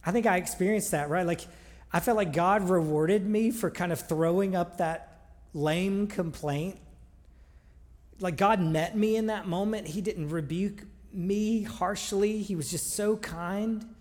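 Guy preaching casual and earnest, bit higher voice, big echoey church hall. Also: measured pace, a little mellow. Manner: conversational, earnest, with frequent restarts. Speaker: pastor. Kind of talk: sermon. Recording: long reverb of a large hall.

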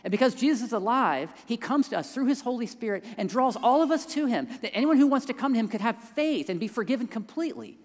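A man telling a story in a sermon, dropping to hushed tones in quiet moments and rising when he stresses a point. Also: very high-pitched, big pitch swings, fast, hardly any pauses. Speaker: pastor. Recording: long hall reverb.

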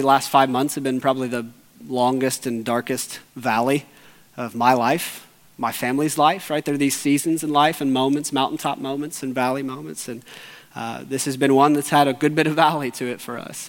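A man preaching a sermon as pastor, earnest, sinking to hushed low tones and rising to urgent, raised appeals. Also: long reverb tail. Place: church sanctuary.

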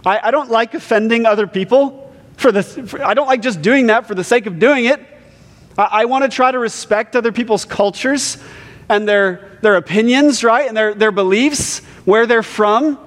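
Male preacher, high voice, chatty sermon style, long hall reverb. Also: normal speed. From Ohio, US Midwest. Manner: conversational preacher, often adds "right?". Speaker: pastor.

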